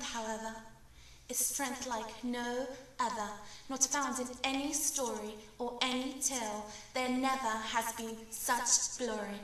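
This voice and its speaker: A high, bright-toned woman from Syria performs a spoken-word poem in an impassioned, declamatory way. Her voice rings through a heavily echoing room, picked up from a distance. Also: steady tone, measured pace. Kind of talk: spoken-word poetry recitation. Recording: very echoey room, mic far off.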